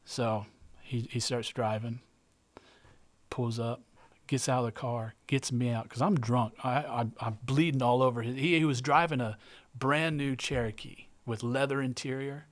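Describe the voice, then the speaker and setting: A man's voice: mid-range voice, fairly even intonation, a little slow. A man, a guest artist, telling a vivid story in casual present tense, with some swearing and frequent restarts.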